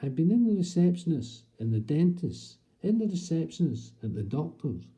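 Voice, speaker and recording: A man's voice: fairly high pitch, big pitch swings, normal speed, dark tone. A man in a comic monologue, playing a chatty, prim older Scottish woman with a Scottish accent. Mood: gossipy. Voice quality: gossipy, prim storyteller. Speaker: comic performer.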